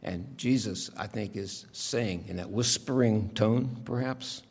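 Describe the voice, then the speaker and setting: A man's voice: on the low side, slow, gravelly, darkish tone, breathy edge. A male pastor preaching a sermon in a conversational, reflective storytelling way, heard in a church sanctuary. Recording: long reverb of a large hall.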